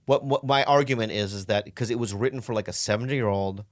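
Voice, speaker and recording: A man with a fairly low voice chats on a comedy podcast, worked up and protesting. He curses freely, tripping over and repeating his words as he argues his point. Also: fast, no echo, clean studio sound. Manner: exasperated, animated, swears often, stumbles and repeats himself. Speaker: podcast co-host. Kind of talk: casual comedic chat.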